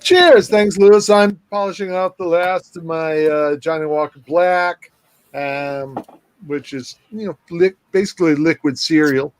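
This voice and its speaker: Brief: male co-host, joker, self-mocking patter, high voice. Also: unhurried, clear, resonant tone. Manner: playful, teasing, self-mocking. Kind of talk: joking live-stream banter.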